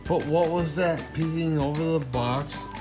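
A man's voice: fairly high pitch, unhurried, music in the background. A man reading a children's storybook aloud to his kids at bedtime, playful and teasing, with joking asides.

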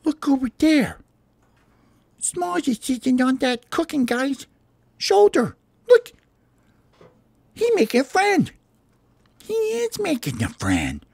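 A man voicing a frantic little parakeet in toy play, squeaky, shrill and excitable. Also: takes it slowly, creaky, long pauses, no echo, full character voice. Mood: excited.

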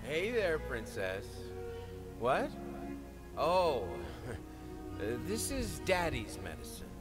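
A man's voice: on the high side, huge pitch swings, very slow, heavily acted. An actor playing a middle-aged drunken father who coaxes his small daughter, then snaps and apologizes. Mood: coaxing. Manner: soft and coaxing, then snapping and apologetic. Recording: game audio with music underneath.

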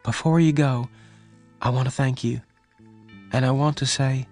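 A man voicing a gentle, sad young woman who speaks softly and pleads. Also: medium pitch, steady tone, normal speed, faint music behind, voice pushed up, lightly acted. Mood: tender. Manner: raised, soft pleading voice.

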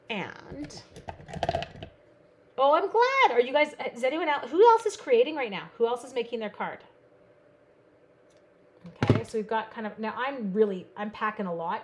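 A chatty woman from Canada leads a live card-making stream, talking steadily to her viewers as she works. Her voice sits at an ordinary middle pitch. A faint hiss of noise runs under the recording. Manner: chatty, bubbly, talks to viewers while working. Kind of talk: live online crafting stream.

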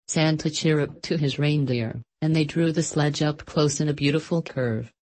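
A woman narrating a storybook in a calm, even storytelling manner. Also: deep voice, moderate pace, hardly any pauses, poor audio. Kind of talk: storybook reading.

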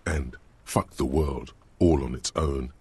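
A man giving scripted narration as the inner voice in a game, sardonic and measured. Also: rumbling low, fairly even intonation, a little mellow, husky, heavily acted.

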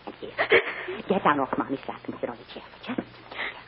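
A woman playing a devoted mother who softly soothes and coaxes her child, in 1940s radio acting on a dull old radio recording with hiss. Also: extremely low pitch, lively intonation, fairly quick. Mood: soothing. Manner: soft, soothing, coaxing.

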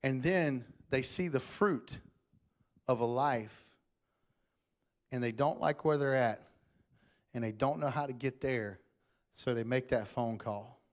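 A man's voice: medium pitch, slow pace, pauses often. A man preaching a sermon in church, talking conversationally to the congregation and closing in prayer. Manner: conversational Southern-style preaching, addresses crowd as y'all.

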